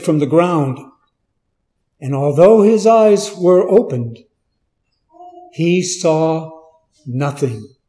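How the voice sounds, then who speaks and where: A man's voice: a little high, dark tone. A man preaching a Bible teaching in a conversational way, asking the listeners questions and stressing key words.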